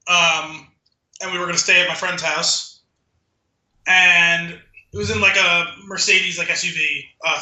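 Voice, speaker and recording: A high, sharply bright male voice rambles through a story with dry asides. He is chatting casually as a podcast co-host. The sound is roomy and echoey. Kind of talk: casual chat. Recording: roomy echo.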